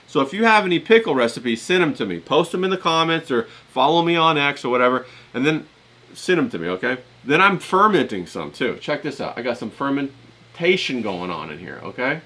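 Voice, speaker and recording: A man's voice: medium pitch, big pitch swings, a little fast, sharp tone. A man with a self-described hillbilly Southern US accent, hosting a casual livestream and chatting straight to his viewers in a loose, rambling way. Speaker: livestream host.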